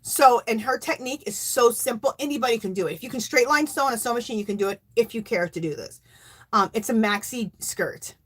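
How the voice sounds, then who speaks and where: A woman hosting a crafting channel, talking in a chatty, rambling, excitable way as she shows off her makes. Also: fairly high pitch, quick pace, breathy edge. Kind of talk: casual show-and-tell chat.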